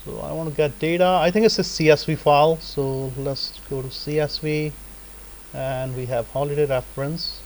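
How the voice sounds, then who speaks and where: A man's voice: a little high, fairly even intonation, normal speed, darkish tone, slight background noise, poor audio. Man lecturing, peppering with "right?". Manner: casual, repeats "right?" and "okay?" as check-ins. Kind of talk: live software tutorial lecture.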